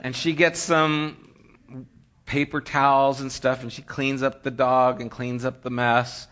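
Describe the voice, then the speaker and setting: Brief: male preacher, bright edgy tone, animated storytelling, dull lo-fi sound. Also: medium pitch, measured pace. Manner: animated storyteller, acts out scenes, drops to hushed near-whisper. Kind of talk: sermon storytelling.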